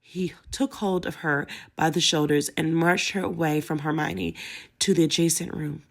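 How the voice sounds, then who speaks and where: Low, gravelly woman reading a story aloud, steady delivery. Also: moderate pace. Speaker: audiobook narrator. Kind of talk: storybook narration.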